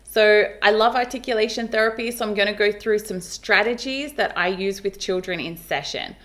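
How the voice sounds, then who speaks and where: A speech pathologist with a medium-pitched voice explains things to parents on camera at normal speed. She's upbeat and animated, modelling speech sounds as she goes.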